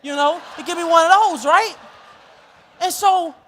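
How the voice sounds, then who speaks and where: High-voiced animated preacher man. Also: unhurried. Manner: animated, laughing storyteller. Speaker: pastor. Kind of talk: sermon storytelling.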